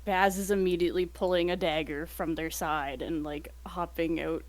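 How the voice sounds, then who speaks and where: A woman's voice: lowish voice, fairly even intonation, moderate pace, low-quality recording. A woman playing a tabletop game, a bit flustered as she describes her character's moves. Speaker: player. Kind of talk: casual tabletop role-play.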